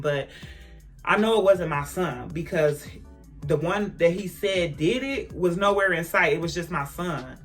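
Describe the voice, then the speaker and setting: A woman vlogger telling a personal story in a casual storytime, emphatic and animated, talking straight to her viewers. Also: fairly low pitch, measured pace, faint music behind.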